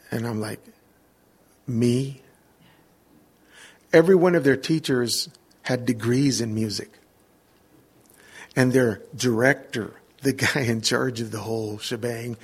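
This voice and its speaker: A man's voice: medium pitch, gravelly, slightly rough. A middle-aged man preaching a casual sermon, telling stories and checking in with the congregation. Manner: casual, asks the congregation for responses. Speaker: worship leader and preacher. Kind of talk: conversational sermon with storytelling.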